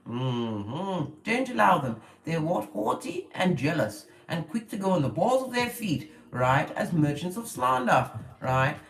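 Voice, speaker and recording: A tarot card reader, giving a spiritual reading with a preachy, animated flow and pet names for the listener. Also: medium pitch, roomy sound, poor audio.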